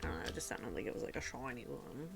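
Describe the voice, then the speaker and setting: A woman streaming a video game from home, chatting casually with a giggly manner and dipping into soft, whispery asides. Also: very deep voice, big pitch swings, fast talker, vocal fry, loud music behind the voice. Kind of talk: casual gameplay commentary.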